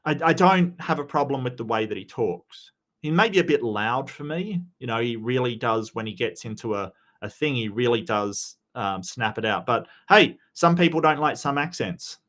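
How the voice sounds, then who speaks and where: A man's voice: mid-range voice, expressive, moderate pace, a bit bright. A man giving casual commentary on video clips, rambling and often stammering as he restarts his sentences. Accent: non-American.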